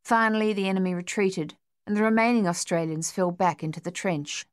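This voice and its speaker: A woman reading an audiobook in measured, even storytelling narration. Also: lowish voice, dry recording, clean studio sound.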